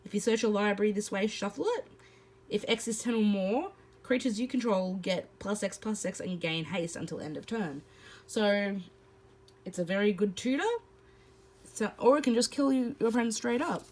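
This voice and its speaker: A woman's voice: mid-range voice, normal speed, a little mellow, poor audio. A woman hosting a card-opening video, reading card text and then chatting about each card, with some fillers. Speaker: host. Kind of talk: casual card-opening commentary.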